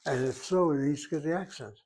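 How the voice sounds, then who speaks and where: A man's voice: a little high, fast, darkish tone, a little hiss or hum. Methodical man teaching a grammar lesson. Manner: methodical, talks himself through each step. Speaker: Hebrew teacher.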